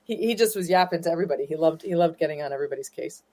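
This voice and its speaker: A woman's voice: sits low, expressive, racing, darkish tone. Chatty woman telling family stories. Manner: chatty, rambling, many fillers and restarts. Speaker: guest, granddaughter of a former ballplayer. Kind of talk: casual storytelling interview.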